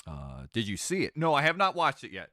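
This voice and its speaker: Man, faint Southern American twang, casual rambling stream chat, jokey, animated pitch. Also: a little fast, dry recording, studio quality. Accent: slight Southern American twang. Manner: rambling, jokey, often laughing mid-sentence. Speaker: streamer chatting with viewers.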